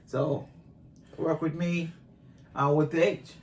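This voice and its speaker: A woman's voice: deep voice, fairly even intonation, takes it slowly, a little mellow, slight background noise. A woman in her fifties from Boston with a Boston accent, chatting casually and teasing her husband on their couple's channel, laughing often. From Boston, USA. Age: 50s. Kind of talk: casual chat.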